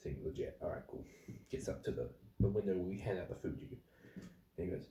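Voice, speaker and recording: A young man, a fast food worker, bluntly ranting with swearing about rude customers in a casual story. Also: deep voice, fairly even intonation, mellow.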